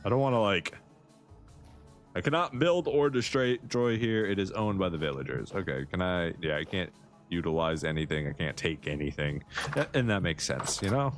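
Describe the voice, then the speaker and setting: Joking low-voiced male game streamer. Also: animated, moderate pace, faint music behind. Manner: joking, chatty, teasing the characters. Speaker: livestreaming gamer. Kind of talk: live gameplay commentary.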